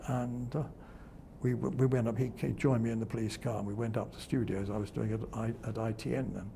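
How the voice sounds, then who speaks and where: A man's voice: mid-range voice, little pitch movement, fairly quick, vocal fry, dark tone, slight background noise. An older man, a television presenter, reminiscing in an interview and telling anecdotes with chuckles, acting out the voices of people he quotes. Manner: chuckling storyteller who acts out quoted voices.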